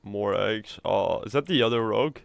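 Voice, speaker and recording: A man's voice: fairly low pitch, moderate pace, gravelly, no echo. A man streaming a video game live, chatting and rambling casually and swearing freely. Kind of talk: casual live gameplay commentary.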